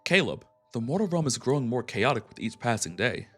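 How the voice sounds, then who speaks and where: A male streamer reading a game story aloud and breaking off into excited, giggly asides, with an accent that shifts as he talks. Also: mid-range voice, fairly quick, soft background music. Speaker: VTuber streamer.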